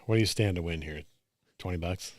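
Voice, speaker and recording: A man's voice: low voice, brisk, no echo, clean studio sound. A man co-hosting a basketball podcast, making wry, laid-back remarks while watching a live game. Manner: laid-back, wry, lively ups and downs. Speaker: podcast co-host. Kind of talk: casual live watch-along chat.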